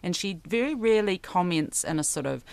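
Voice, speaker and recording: Low-voiced New woman, enthusiastic guest. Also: lively intonation, a little fast, vocal fry, a little mellow. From New Zealand. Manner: enthusiastic, thoughtful, frequent restarts. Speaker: radio interview guest, poet. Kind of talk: casual radio conversation.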